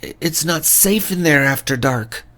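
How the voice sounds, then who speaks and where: A frantic fisherman father, pitched well above the reader's usual low voice, stammering and begging for help, as a man reads him out. His lines break off and repeat in panic, in a tabletop adventure read-aloud. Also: expressive, unhurried, fairly bright tone. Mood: distraught pleading. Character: distraught soggy fisherman father, pleading.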